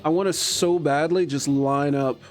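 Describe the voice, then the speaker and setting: Excitable man streaming a game. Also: fairly high pitch, normal speed, faint music behind. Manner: chatty and excitable, jumping between mutters and gleeful outbursts. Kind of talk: casual gameplay commentary.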